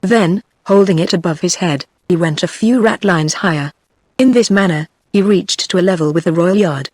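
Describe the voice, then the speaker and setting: A text-to-speech woman's voice with a British English accent, reading a novel aloud in an even, synthetic way. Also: on the low side, moderate pace, dry recording. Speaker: audiobook narrator.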